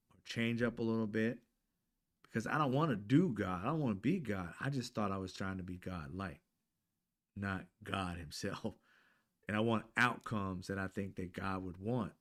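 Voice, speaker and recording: Animated, profane storytelling man in his fifties. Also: lowish voice. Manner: animated, profane, addresses listeners as y'all. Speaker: channel host. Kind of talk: casual storytelling monologue.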